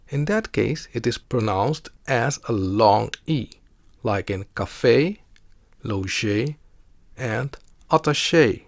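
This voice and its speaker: A man teaching a pronunciation lesson in a deliberate, explanatory way. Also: medium pitch, gravelly, dry recording. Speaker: language teacher.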